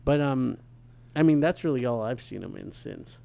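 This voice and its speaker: A man chatting on a movie podcast in a wry, offhand way, dropping trivia and laughing along. His voice sits at an ordinary mid pitch for a man. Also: expressive, normal speed, vocal fry, mellow, clear, resonant tone. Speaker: podcast co-host. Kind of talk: casual movie podcast chat.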